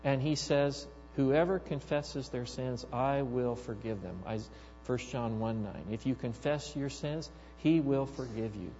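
A man preaching a sermon, telling stories with animated, acted-out quotes. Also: medium pitch, measured pace, long reverb tail, lo-fi sound, soft background music. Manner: animated storytelling, acting out quoted voices. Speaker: pastor.

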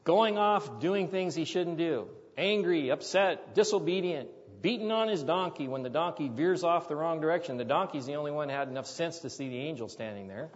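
Male pastor, animated sermon storyteller, somewhat high voice, muffled long-reverb recording. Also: fairly quick, few pauses. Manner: animated storyteller, loud acted quotes, drops soft for asides.

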